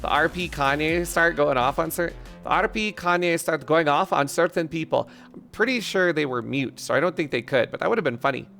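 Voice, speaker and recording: A man's voice: fairly high pitch, fairly quick, gravelly, sharp tone, soft background music. A man streaming live, joking crudely and rambling in banter with his chat.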